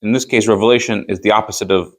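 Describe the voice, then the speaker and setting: Teaching a Chassidus class, this rabbi speaks quickly in a fairly low, steady voice. His Torah study method is to read the Hebrew first, then translate and explain it in English, leaning on emphatic rhetorical questions.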